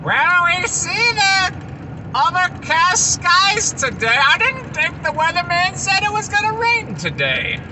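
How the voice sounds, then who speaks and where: A man's voice: extremely high pitch, wildly swooping pitch, slow, recorded from a distance, voice pushed up, heavily acted. Man putting on a folksy weather-talk drawl. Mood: mock-folksy. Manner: exaggerated drawling put-on accent. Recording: road and car noise.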